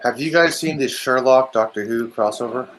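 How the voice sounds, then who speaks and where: A man's voice: medium pitch, normal speed, fairly bright tone, rough recording. A man chatting as a guest on a live stream, dropping short side remarks and links. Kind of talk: casual chat.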